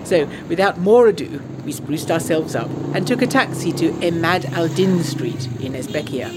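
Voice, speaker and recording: A woman narrating a letter in an audio drama, eager and gossipy with quick asides. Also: sits low, expressive, background noise. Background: jazz music.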